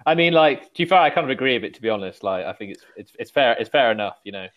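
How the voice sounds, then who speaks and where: A man's voice: mid-range voice, lively intonation, rapid-fire, fairly bright tone. Rambling, teasing male podcast host. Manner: rambling, heavy use of "like", teasing. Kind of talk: casual chat.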